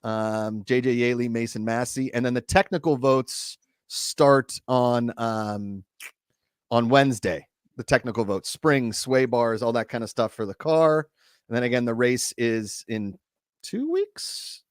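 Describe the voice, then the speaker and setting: A man's voice: mid-range voice, unhurried, smooth, no echo. A man hosting a casual live stream, asking questions and running picks and announcements in an upbeat way. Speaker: stream host.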